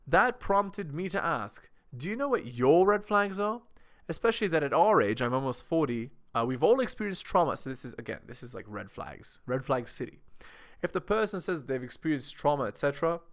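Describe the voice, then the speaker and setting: A man's voice: fairly high pitch, big pitch swings, fairly quick, a bit bright. A man giving reaction commentary to his viewers, lecturing and asking them rhetorical questions. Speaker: video commentator.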